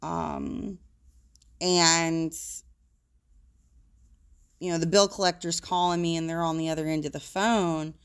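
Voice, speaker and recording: Woman, social worker, lowish voice, frank and casual, swears now and then. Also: steady tone, takes it slowly, pauses often, clean tone. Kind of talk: casual talk on emotions.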